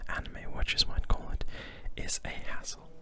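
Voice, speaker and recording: A German ASMR creator with a German accent, whispering softly in English with hesitant fillers and playfully repeating and mangling words. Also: moderate pace.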